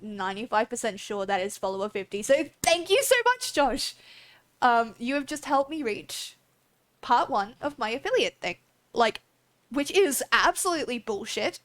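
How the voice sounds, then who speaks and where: A woman's voice: on the high side, a bit bright. A young Australian woman chatting casually while livestreaming a game, rambling, laughing and swearing freely. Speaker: game streamer. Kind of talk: casual live-stream chat while gaming.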